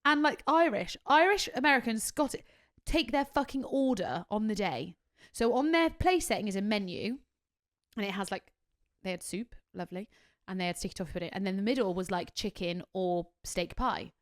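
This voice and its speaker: Animated swearing woman telling stories. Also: mid-range voice, moderate pace. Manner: animated storytelling, swears freely. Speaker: podcast co-host, wedding worker. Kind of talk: casual chat.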